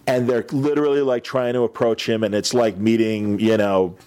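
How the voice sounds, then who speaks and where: A man's voice: lowish voice, moderate pace, clear, resonant tone. A man from the Chicago suburbs hosting a casual chat and telling stories, acting out the voices of people he met. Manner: animated storyteller who acts out voices of people he met.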